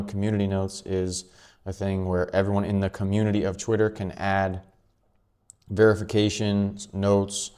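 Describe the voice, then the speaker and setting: A man with a fairly low voice hosts his own commentary vlog. He talks quickly and offhandedly, dropping chuckling asides as he goes. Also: a little mellow, clean tone. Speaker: channel host.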